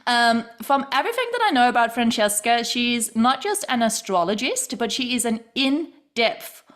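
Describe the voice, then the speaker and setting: A woman's voice: a little high, big pitch swings, moderate pace, fairly bright tone. A woman hosting a casual studio interview, gushing and enthusiastic with her guest. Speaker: podcast host.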